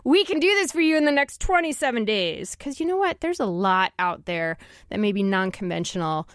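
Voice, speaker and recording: A woman's voice: mid-range voice, very animated, a little fast, dry recording, clean studio sound. A woman hosting a radio talk show, upbeat and chatty, laughing often. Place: radio studio.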